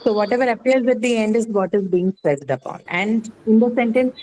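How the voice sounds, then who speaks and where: A woman's voice: a little high, fairly quick, hardly any pauses, mellow, slight background noise, poor audio. A woman teaching an English grammar class, explaining patiently and often asking "right?" to check understanding.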